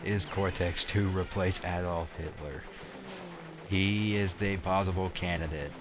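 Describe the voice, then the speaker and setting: Unhurried and steady, this young man's low voice comments casually on his own play while game music runs and some background noise is present. As a let's play commentator, he rambles with lots of fillers, restarts and a few crude words.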